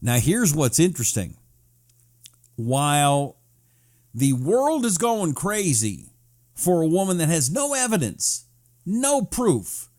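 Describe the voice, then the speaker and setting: A man hosting a live political talk show, reading viewer comments in a sarcastic, animated way. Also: fairly high pitch, takes it slowly, pauses often.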